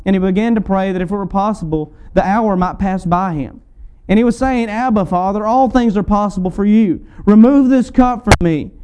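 Impassioned male preacher, smooth high voice. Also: mellow. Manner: preaching with rising fervor, emphatic repetition. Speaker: pastor. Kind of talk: sermon.

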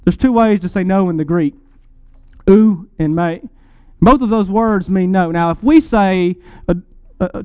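A man with a high, smooth and resonant voice preaches a sermon, recorded close and dry. He teaches through scripture and explains Greek words. His delivery swells on grand lists and sinks low for emphasis. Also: a little mellow, dry recording.

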